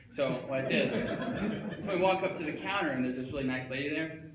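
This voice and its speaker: A man's voice: fairly high pitch, brisk, a loud crowd. A young man doing a comic stage monologue, dopey and starstruck, rambling with manic outbursts. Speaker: comedic monologue performer. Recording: echoey hall, faint ambience.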